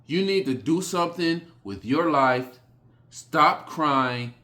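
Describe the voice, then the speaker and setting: A man giving a blunt motivational speech, repeating short phrases with sudden forceful rises. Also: on the high side, expressive. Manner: blunt, repetitive, hammering phrases; slow, emphatic delivery with sudden loud rises. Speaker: motivational speaker.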